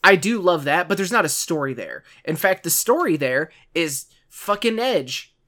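With a high-leaning, sing-song voice that sounds pushed and bright, this podcast co-host chats at normal speed, rambling casually and tossing in plenty of asides.

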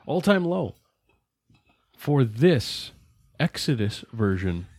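A man's voice: mid-range voice, sing-song, takes it slowly, darkish tone, breathy edge, no echo. A young man co-hosting a podcast, running a quiz game with joking, theatrical game-show delivery on a close mic. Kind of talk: casual podcast banter.

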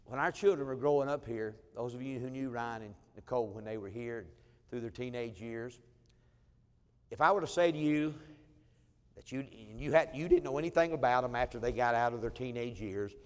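Storytelling pastor in a reverberant church. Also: male voice, medium pitch, brisk, clear, resonant tone. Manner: storytelling, acting out family quotes, chuckling asides. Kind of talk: sermon. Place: church sanctuary. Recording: long church hall reverb.

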